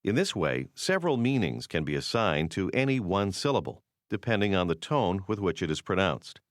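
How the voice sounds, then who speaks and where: Male course narrator, deep, lively pitch, measured, dry studio sound. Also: no room sound. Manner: measured, explanatory delivery. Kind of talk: scripted language-course narration.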